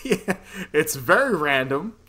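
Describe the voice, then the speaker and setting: A man's voice: on the high side, sing-song, takes it slowly, bright, forceful tone. A man casually recapping a movie plot in a podcast chat, rambling, swearing freely and laughing often. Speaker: podcast co-host.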